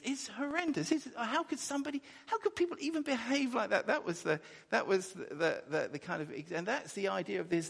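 A man preaching a sermon, animated and halting, acting out horrified cries, with many restarts. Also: sits high, creaky. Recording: long reverb of a large hall.

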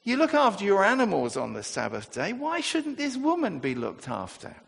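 A man's voice: high-pitched, wildly swooping pitch, normal speed, creaky, a bit bright, slightly rough, long reverb tail, pitched above the performer's own voice, heavily acted. A man voicing a firm male figure sharply rebuking hypocrites.

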